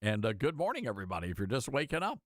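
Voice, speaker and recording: A man's voice: mid-range voice, wildly swooping pitch, racing, a bit bright, no echo, studio quality. A man hosting a call-in radio talk show, chatting in a folksy, friendly way with a caller.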